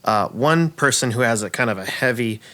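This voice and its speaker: A male dungeon master with a bright, forward voice at a middle pitch. He narrates the scene in a rambling, descriptive way, full of fillers and restarts. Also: lively intonation, brisk. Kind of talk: narrating a tabletop game.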